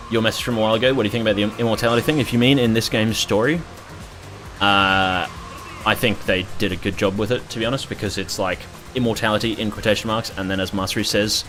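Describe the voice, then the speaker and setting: A man's voice: lowish voice, a bit bright. Rambling young Australian man streaming. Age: 20s. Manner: rambling, profane, jokey. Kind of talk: casual chat while streaming a game.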